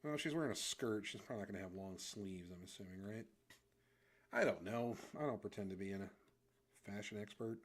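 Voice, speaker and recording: A man's voice: lowish voice, a little fast. Casting: a male art streamer, offhand and thinking aloud, who mutters when he is focused. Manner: rambling, self-deprecating, thinks aloud. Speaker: livestreamer drawing comics. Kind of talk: casual chat while drawing.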